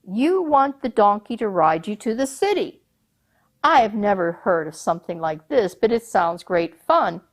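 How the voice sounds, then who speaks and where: A woman storyteller voicing the Sultan's soldiers and their captain, loud and brusque. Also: mid-range voice, lively intonation, moderate pace, natural voice. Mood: bossy.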